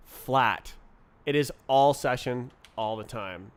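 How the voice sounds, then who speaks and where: A man's voice: medium pitch, takes it slowly, clear, resonant tone. A man streaming live while he programs, muttering to himself and tossing in playful nonsense words. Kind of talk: thinking aloud while programming.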